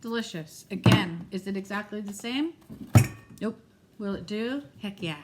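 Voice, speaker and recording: A middle-aged woman chatting casually in a home vlog, animated and quick to laugh. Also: mid-range voice, heavy background noise. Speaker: vlogger. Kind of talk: casual chat.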